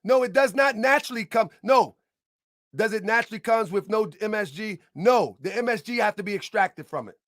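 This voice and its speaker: A man's voice: high-pitched, lively intonation, fairly quick, dry recording. Combative man ranting in a dry room. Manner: combative, emphatic, repeats points, bursts into shouting. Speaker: online commentator. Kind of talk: heated rebuttal monologue.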